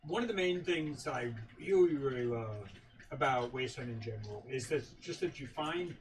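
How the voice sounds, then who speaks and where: A man's voice: medium pitch, animated, normal speed. A man hosting a podcast, chatting casually and offering appreciative praise. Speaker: podcast host. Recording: distant mic with faint background noise.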